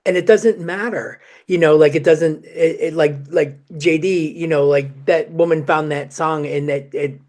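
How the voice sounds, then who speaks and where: Chatty, higher-voiced male podcast host. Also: steady tone, a little slow, hardly any pauses, a little mellow. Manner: chatty, full of "you know" fillers. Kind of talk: podcast conversation.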